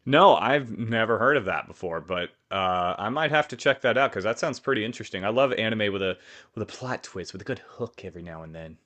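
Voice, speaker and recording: A man's voice: lowish voice, animated, brisk, fairly bright tone. A man co-hosting a podcast in easygoing, jokey casual chat, with plenty of ums. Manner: easygoing, jokey, filler-heavy. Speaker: podcast co-host.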